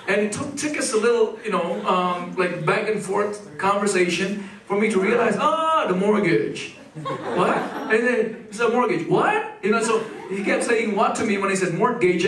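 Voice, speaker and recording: High-voiced preaching man in echoey hall. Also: recorded from a distance. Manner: animated preaching with call-and-response. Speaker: pastor. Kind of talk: sermon. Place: church sanctuary.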